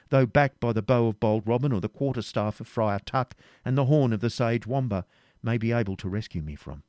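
A man's voice: medium pitch, darkish tone, no room sound, studio quality, natural voice. A man reading aloud, voicing a bold, jesting medieval king with a hearty, commanding manner. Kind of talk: audiobook reading.

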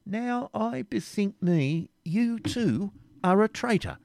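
A man's voice: mid-range voice, animated, normal speed, darkish tone, no room sound, studio quality, close to an everyday voice. A man reading aloud, voicing a bold, jesting medieval king with a hearty, commanding manner. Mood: teasing. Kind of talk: audiobook reading.

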